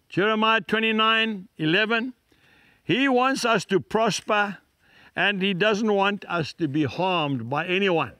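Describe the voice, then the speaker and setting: Older man preaching, lively high voice. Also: slow pace, dry recording, clean studio sound. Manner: folksy, earnest, talks straight to listeners. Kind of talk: sermon and prayer.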